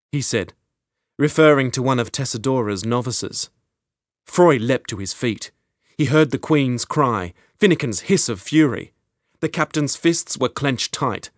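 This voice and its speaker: This is scripted audiobook narration from a man telling the story at a measured, level pace. The recording has studio quality, with no echo behind his mid-range voice.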